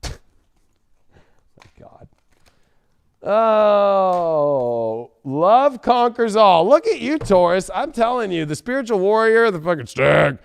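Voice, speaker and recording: A man giving a casual tarot reading, profane and joking, bursting into shouts and silly voices. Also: sits high, animated, slow, vocal fry, long pauses, smooth. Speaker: tarot reader.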